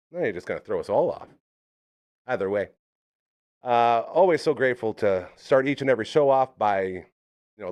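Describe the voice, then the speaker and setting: A man's voice: mid-range voice, a little mellow. A man hosting a live streamed show, rambling and jokey in casual chat. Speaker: host.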